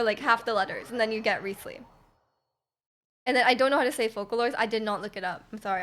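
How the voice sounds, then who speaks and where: A woman's voice: a little high, a bit bright. A woman streaming a game, chatting casually and giggling, rambling with lots of fillers. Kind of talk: casual chat while gaming.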